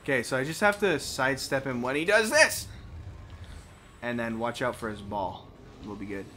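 A young man hosts a let's play, casually commentating a video game in a very animated, mid-range voice with a bright, forceful tone and moderate pace. He swears often, laughing and yelping at what happens on screen, with slight background noise.

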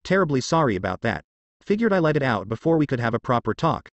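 A man's voice: medium pitch, very animated, fast, no room sound, highs cut off, close to an everyday voice. A man reading the part of a brash, vengeful young male ninja who growls threats and plays pranks. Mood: playful.

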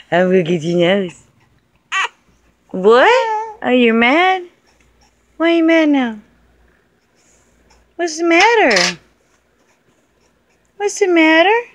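A young woman films her baby on a phone at home, holding it over the child and using coaxing, playful, sing-song baby talk. Her voice is high-pitched, with no room sound and the highs cut off.

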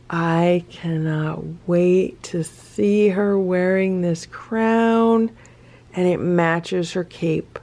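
A woman's voice: fairly low pitch, fairly even intonation, extremely slow, mellow. A middle-aged woman hosting a cat video, opening gifts in casual chat and gushing with delight, sometimes dropping to a whisper or cooing at her cat. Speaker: cat rescue video host. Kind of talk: casual unboxing chat to camera.

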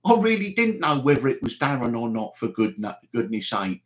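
A man's voice: medium pitch, big pitch swings, normal speed, few pauses. A man hosting a live stream, rambling and chatty, with mock exasperation. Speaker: livestream host.

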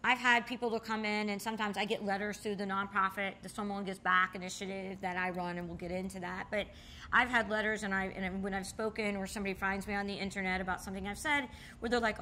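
A woman in an oral history interview, telling stories in a lively way and jumping high when she acts out what people said. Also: fast, a little hiss or hum. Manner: animated storyteller, acts out quotes with sudden high exclamations. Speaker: interviewee, bar co-owner and nonprofit founder. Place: in a bar.

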